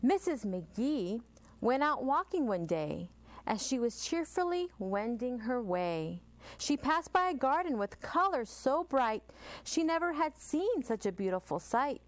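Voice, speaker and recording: A woman's voice: high-pitched, very animated, measured pace. An American woman, a children's librarian, reading a rhyming picture book aloud at storytime. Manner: warm sing-song read-aloud.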